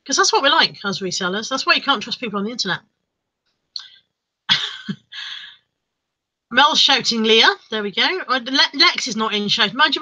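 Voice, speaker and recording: A woman's voice: a little high, pushed and bright, poor audio. A woman chatting casually on a livestream, reading out viewers' comments and joking around. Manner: chatty, jokey, laughs often. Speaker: livestream host.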